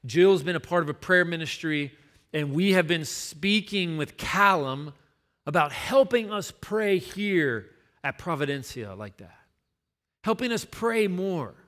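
A pastor preaching a sermon in a relaxed, story-driven way, leaning on repeated words to make his point. He has a fairly high voice for a man, with a forceful, bright edge. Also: unhurried. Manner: conversational storytelling with emphatic repetition.

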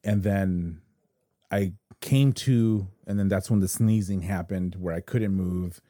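Low, dark-voiced man telling a story. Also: no echo, studio quality. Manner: halting storytelling with many restarts. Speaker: podcast co-host. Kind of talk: casual conversation.

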